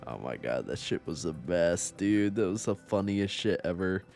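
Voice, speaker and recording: A man's voice: sits low, moderate pace, a little mellow, faint music behind. A young man rambling through casual gameplay commentary, laid-back and profane, often laughing at his own stories. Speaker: gaming YouTuber.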